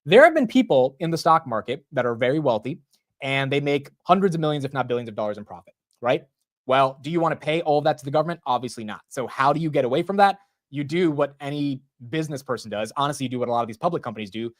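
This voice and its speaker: A man in his twenties hosting a casual live market stream, rambling and excitable, often saying bro and dude. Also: medium pitch, quick pace, dry recording. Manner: rambling with frequent restarts. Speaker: stock market livestream host.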